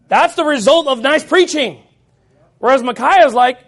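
A man with a very high speaking voice delivers a sermon. He preaches forcefully, raising his voice, and mimics his critics with mocking tones. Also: expressive, normal speed. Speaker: pastor.

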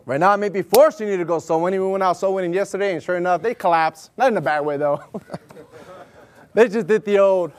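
A middle-aged man preaches to his congregation in a lively, animated way. His voice sits high, and he acts out dialogue while he tells stories. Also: fast. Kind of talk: sermon with personal story.

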